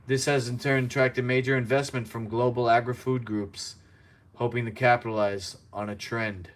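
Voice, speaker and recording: A man's voice: medium pitch, flat delivery, moderate pace. A man hosting a home news show, reading articles aloud and breaking off into sarcastic asides while he cooks in his apartment. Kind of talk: casual news commentary while cooking. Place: apartment kitchen.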